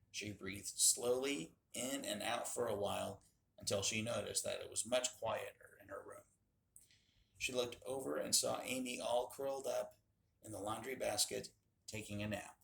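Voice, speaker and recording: A man reading a children's story aloud in a steady, expressive way, in an echoey room. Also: fairly low pitch, vocal fry. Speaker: club member reading aloud. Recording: echoey room with faint hum.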